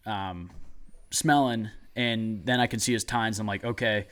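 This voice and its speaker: A young man telling a hunting story in a casual chat, excited and rambling with lots of "like". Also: fairly low pitch, unhurried, smooth.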